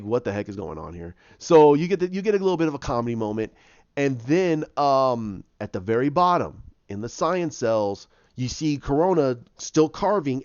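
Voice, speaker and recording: A man's voice: mid-range voice, darkish tone, smooth, no echo, dull audio. A man casually retelling his own movie idea, rambling with many restarts and repeated words. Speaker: fan pitching his own movie plot.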